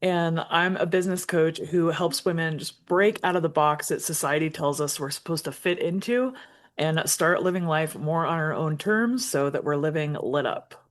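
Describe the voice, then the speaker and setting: A woman with a very low voice introduces herself in a casual panel chat. She speaks in an upbeat, direct way. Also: moderate pace. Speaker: guest business coach.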